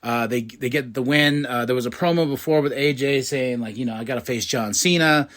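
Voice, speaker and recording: A man hosting a podcast in a casual, excitable recap, laughing often and acting out quotes. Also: medium pitch, brisk. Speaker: podcast host recapping wrestling.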